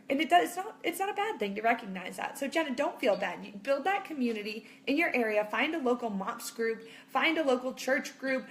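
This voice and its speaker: Woman in her thirties, high voice, chatty, reassuring, mom vlogger talking to camera. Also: slight background noise. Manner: chatty and reassuring, acts out quotes in big animated voices. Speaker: mom vlogger answering viewer questions. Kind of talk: casual chat to camera.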